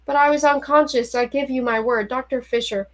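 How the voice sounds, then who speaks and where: Fussy, nervous male professor from an audiobook, defensive and apologetic, read by a woman in a light, fairly high voice. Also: fairly even intonation, brisk, close to an everyday voice.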